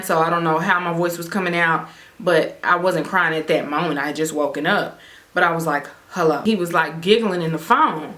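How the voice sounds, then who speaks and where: A young woman vlogger telling a personal story in an animated, emphatic way, often repeating phrases. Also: lowish voice. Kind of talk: storytime vlog, casual storytelling.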